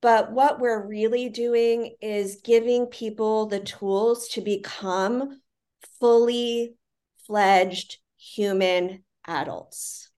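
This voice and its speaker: As the guest in a conversational interview, a parenting institute CEO talks in an earnest, reflective way, often dropping fillers like "like" and "you know." Her voice is on the high side yet darkish and clean, with a steady tone and drawn-out words.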